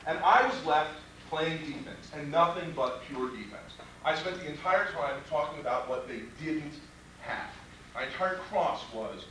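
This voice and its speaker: A man lecturing a room of lawyers, his high, bright voice leaping up and down as he throws out rhetorical questions and salty asides. He is heard from some way off in a very echoey room. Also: measured pace, distant mic, slight background noise. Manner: animated, rhetorical questions, blunt and profane. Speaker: criminal defense trial instructor. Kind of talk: live workshop lecture. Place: training room with audience.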